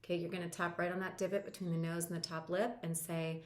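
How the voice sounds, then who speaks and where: A woman with a lowish voice leads a guided tapping lesson, calm and reassuring as she walks the listener step by step. The sound carries a roomy echo. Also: quick pace. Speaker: EFT practitioner and coach.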